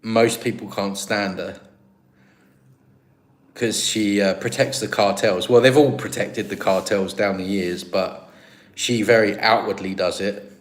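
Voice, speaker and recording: Unhurried and fairly low-pitched, with fairly even intonation, an English man hosts a casual live stream. He rambles through viewer comments in a chatty, easygoing manner, frequently restarting and laughing.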